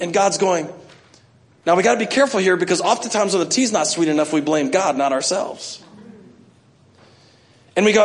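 A middle-aged pastor preaches in a high, light voice. He works the room with self-mocking stories and playful acted-out asides, all in easy sermon rhythm. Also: a little fast, long pauses.

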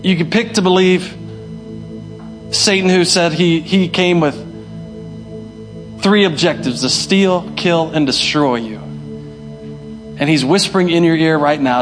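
A man's voice: on the high side, slow, long pauses, over music. A young male pastor preaching a sermon, emphatic and repeating his key phrases. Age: young adult. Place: church hall.

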